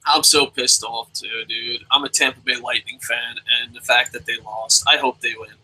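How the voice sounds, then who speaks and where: A young man hosting a casual live review alone, reading viewer comments aloud and swearing freely as he jumps between loud outbursts and mumbled asides. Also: medium pitch, fairly even intonation, normal speed, husky, low-quality recording. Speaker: show host.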